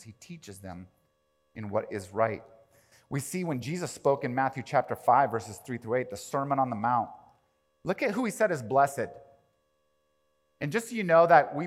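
A man preaching a sermon as pastor, animated, swinging from quiet to loud and acting out quoted prayers. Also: medium pitch. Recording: long reverb of a large hall.

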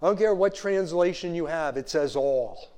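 A man preaching as a pastor, his voice a little high but mellow and warm. He talks to the congregation conversationally, dropping in "you know" asides. He slows right down to stress the phrases that matter. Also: expressive, clean tone. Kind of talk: sermon.

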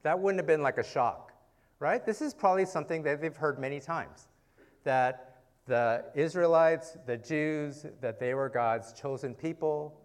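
Man, high-pitched voice, informal sermon, conversational teaching, rhetorical questions. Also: measured pace. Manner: informal, frequent "okay" and "right?" check-ins, rhetorical questions. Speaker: preacher.

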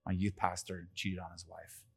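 A male pastor preaching a sermon in a church, talking in a lively, conversational way with playful asides. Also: deep voice, normal speed, breathy edge. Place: church hall.

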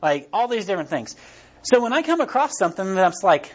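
A man's voice: high-pitched, big pitch swings, brisk, slightly rough. A man preaching a casual sermon, rambling and conversational, with many fillers and restarts. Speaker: pastor. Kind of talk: casual sermon with personal stories. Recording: dull lo-fi recording.

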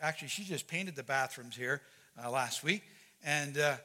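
Man, pastor, earnest sermon, repeats himself, bright tone, long hall echo. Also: mid-range voice, normal speed. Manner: earnest, repeats words, animated when retelling. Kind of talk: sermon with prayer and storytelling.

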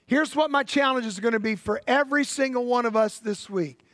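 A man with a Southern US accent, a pastor preaching a sermon in folksy, emphatic storytelling that drops to a hush for drama. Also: very high-pitched, fairly quick, no room sound, studio quality. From Southern United States. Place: church sanctuary.

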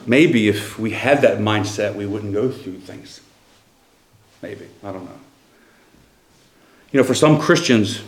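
A man's voice: lowish voice, unhurried, pauses often, roomy sound. A middle-aged man, a pastor preaching a sermon and telling a personal story in a loose, conversational way with restarts. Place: church sanctuary.

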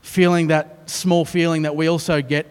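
Animated Australian preacher in echoing hall. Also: male voice, fairly high pitch, normal speed, clean tone. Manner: animated storytelling with self-mocking asides. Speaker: pastor. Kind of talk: sermon.

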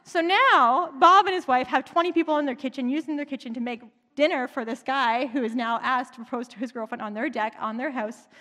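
Woman preacher, high-pitched, conversational storyteller; long reverb in a large hall. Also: a little fast, few pauses, sharp tone. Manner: chatty, conversational retelling. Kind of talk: sermon storytelling.

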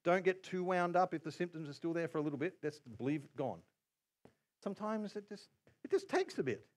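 A man preaching a sermon as pastor, telling a story with quoted asides and bursts of excitement. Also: high voice, fairly quick.

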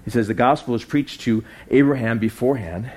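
A man preaching a sermon, with lively swings in pitch and loudness, dropping low and soft for emphasis. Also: a little fast, breathy edge. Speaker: pastor.

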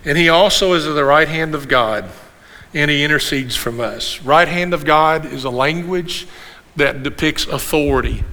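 A man in his sixties, a pastor preaching an animated sermon with rhetorical questions and repeated refrains. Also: fairly high pitch, moderate pace. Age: 60s. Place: church sanctuary. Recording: long hall reverb in a church.

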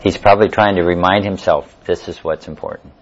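A man's voice: deep voice, fairly even intonation, a little fast. An older man leading a casual Bible study lesson, talking conversationally, joking and acting out stories. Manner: conversational, jokey, tells stories with acted dialogue. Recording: dull lo-fi sound.

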